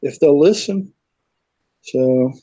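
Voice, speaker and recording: Slow and mellow with a slightly rough edge, the man's high-leaning voice carries a Southern accent from South Carolina. As a guest on a remote call, he tells a rambling, casual story and imitates the voices he quotes. It's a rough recording without echo.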